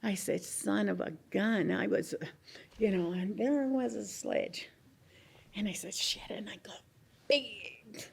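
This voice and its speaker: Gravelly older woman telling mining stories. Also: mid-range voice, slow pace. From Colorado. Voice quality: gravelly, husky. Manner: earthy storyteller, swears freely, laughs often. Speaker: retired coal miner. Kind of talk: oral history interview.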